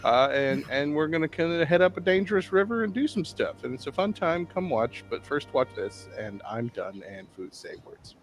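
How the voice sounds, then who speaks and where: A man's voice: a little high, animated, normal speed, hardly any pauses, soft background music. A man chatting casually as a player in a tabletop game, joking and rambling.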